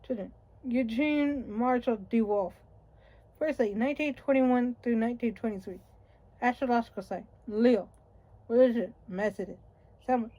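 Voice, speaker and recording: Woman reading a history book out loud, kinda high, warm mellow voice, wry and chatty. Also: normal speed, dull audio. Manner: wry, conversational reading with occasional slips and restarts. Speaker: audiobook reader. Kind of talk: reading a nonfiction book aloud.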